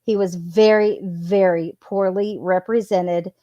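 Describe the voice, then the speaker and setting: Woman reading texts aloud n commenting, slow and chatty, dry close mic. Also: mid-range voice, fairly even intonation, warm tone, dry recording, muffled recording. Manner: chatty, reads messages aloud with asides. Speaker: true crime commentator.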